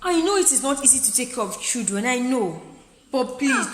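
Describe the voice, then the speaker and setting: A woman who advises mothers in her vlogs speaks to the camera in a high voice with lively intonation and normal speed. The room sound is spacious with a long reverb tail, and her plea is impassioned and repetitive, interrupted when she turns to care for her child.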